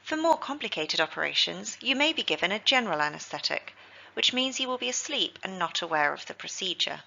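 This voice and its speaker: A woman, teaching healthcare vocabulary in a scripted lesson, with slow, careful pronunciation drills. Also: medium pitch, very animated, creaky, pushed and bright, dull audio.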